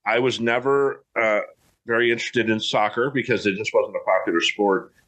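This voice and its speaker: Low-voiced man chatting casually. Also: normal speed, a bit bright. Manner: rambling, folksy, many restarts. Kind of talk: casual chat.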